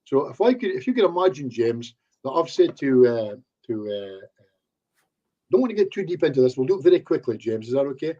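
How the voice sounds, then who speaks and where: A man's voice: mid-range voice, very animated, brisk, warm tone, lo-fi sound. A man, a hypnotherapist chatting casually in an interview and acting out bits of client talk. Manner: chatty, acts out quoted voices in asides. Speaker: hypnotherapist guest. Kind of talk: casual online interview chat.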